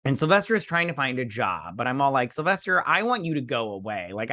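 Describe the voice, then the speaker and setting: A man with a mid-range, fairly bright voice hosts a casual show recap, sarcastic and rambling, often quoting characters in different voices. The recording is dry with clean studio sound.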